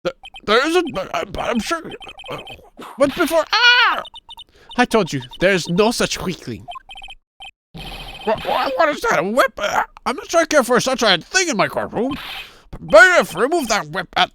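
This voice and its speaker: A man's voice: very high-pitched, wildly swooping pitch, normal speed, background noise, voice pushed up, full character voice. A man voicing a flustered, timid old male judge who stammers, for a game read-along.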